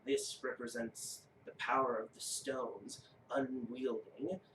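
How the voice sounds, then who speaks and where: Man putting on a grave, slow old giant. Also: mid-range voice, little pitch movement, fairly bright tone, echoey room, recorded from a distance, a little hiss or hum, rough recording. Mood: solemn. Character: solemn old male giant rune-carver.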